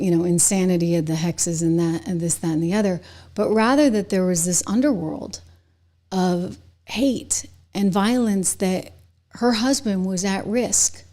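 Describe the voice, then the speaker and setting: A woman hosting a political commentary show, delivering an opinion monologue straight to her viewers and building to loud, indignant outbursts. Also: mid-range voice. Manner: speaks directly to viewers.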